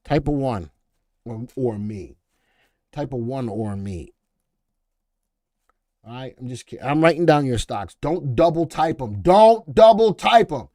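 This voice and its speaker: Rambling Boston-accented stock show host. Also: male voice, medium pitch, animated, unhurried, long pauses, a little mellow, no room sound, clean studio sound. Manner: rambling, repeats himself, reads viewer chat aloud. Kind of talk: live stream market commentary.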